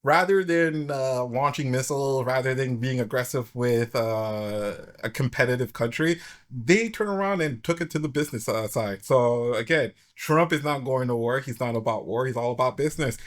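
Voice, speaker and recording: A man's voice: medium pitch, moderate pace. A man hosting a casual opinion chat, rambling with many fillers and restarts. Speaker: podcast host.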